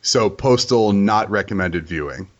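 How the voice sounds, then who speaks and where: Low-voiced guy host, jokey and crude, kinda dull lo-fi sound. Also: animated, unhurried. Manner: joking, crude, teasing. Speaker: podcast host. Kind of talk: casual interview chat.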